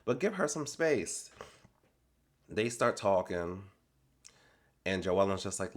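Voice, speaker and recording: A man giving a casual reality TV recap in an animated, sassy, slangy way. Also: deep voice, takes it slowly, long pauses.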